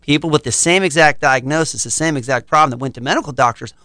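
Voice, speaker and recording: A man's voice: fairly high pitch, fast, bright, forceful tone, dry recording, clean studio sound. A middle-aged man, a chiropractor, explaining his practice confidently in a podcast interview. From United States.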